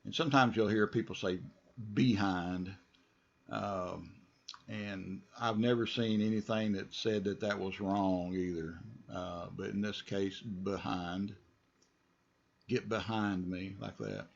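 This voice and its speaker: A man teaching English pronunciation, modeling words slowly and deliberately for the listener to repeat, with relaxed asides in between. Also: lowish voice, vocal fry, dull audio. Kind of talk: pronunciation lesson with repeat-after-me drills.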